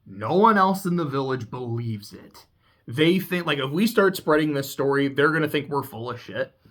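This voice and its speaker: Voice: medium pitch, animated, normal speed, natural voice. A YouTuber voicing a secretive old grandfather mask maker from a game, in a stern, matter-of-fact way. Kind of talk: game recap with voices.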